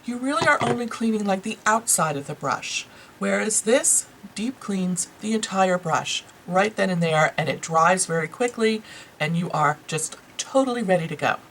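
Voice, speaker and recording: Gravelly-voiced New York woman reviewing makeup. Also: on the low side, a bit bright, a little hiss or hum, poor audio. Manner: chatty, enthusiastic, lots of fillers. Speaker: beauty vlogger. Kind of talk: casual product review.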